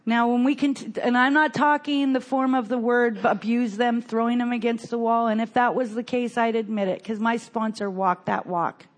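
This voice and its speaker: A woman's voice: on the high side, steady tone. Earnest older woman sharing her story. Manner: earnest, halting, with many repeated restarts. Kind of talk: personal recovery testimony.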